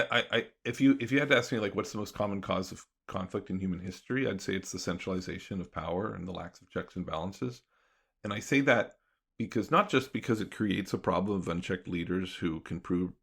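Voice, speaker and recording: A man with a low, gravelly voice talks through his ideas as an interview guest. He sounds like a professor laying out an argument step by step, thoughtful and explanatory in an easy conversational way. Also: a bit bright.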